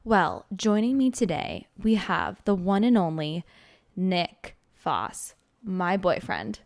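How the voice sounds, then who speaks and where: A woman in her twenties hosting a casual podcast chat, playful and giggly, talking in quick bursts. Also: lowish voice, sing-song. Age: 20s. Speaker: podcast host.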